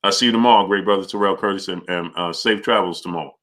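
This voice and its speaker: A man's voice: low voice, fast talker. Man hosting a boxing live stream. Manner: greets viewers by name, argues forcefully. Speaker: boxing channel host. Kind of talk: live-stream chat and commentary.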